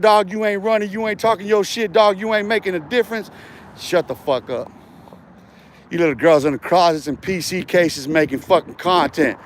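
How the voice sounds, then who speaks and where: A man with a high-pitched voice delivers an aggressive, profane livestream rant while standing outside by a street. He talks into a handheld phone with faint traffic noise behind him. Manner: aggressive, profane trash talk. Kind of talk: confrontational outdoor livestream rant. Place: outdoors by a street.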